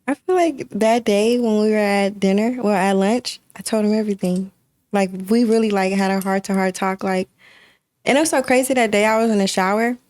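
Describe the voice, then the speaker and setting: A woman speaks as a guest in a casual interview at a middle pitch. Her talk is earnest, heartfelt and full of "like" fillers. The sound is dry and close. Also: a little fast, a little mellow, dry recording. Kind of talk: casual chat.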